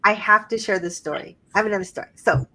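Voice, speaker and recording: A woman's voice: mid-range voice, racing, bright, forceful tone. Brief: middle-aged woman, podcast co-host, chatty storyteller, voice rises when quoting others. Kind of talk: casual conversation.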